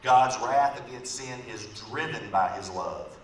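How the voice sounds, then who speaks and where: A man's voice: medium pitch, unhurried. A man preaching a sermon in a church, telling an illustrative story in a conversational way and often checking in with the congregation with "right?". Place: church sanctuary. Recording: echoey room from far off, faint background noise.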